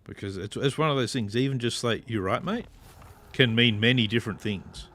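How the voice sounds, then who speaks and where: A man's voice: medium pitch, fairly quick, a bit bright. An Australian man giving casual commentary while playing a strategy game, chatting, swearing freely and talking to his units. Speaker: gameplay streamer.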